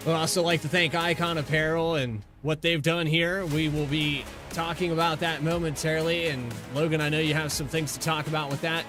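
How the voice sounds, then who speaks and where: Folksy race announcer over music. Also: male voice, fairly high pitch, steady tone, a little fast, few pauses. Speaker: broadcast commentator. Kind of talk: race broadcast sign-off. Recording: music playing behind the voice.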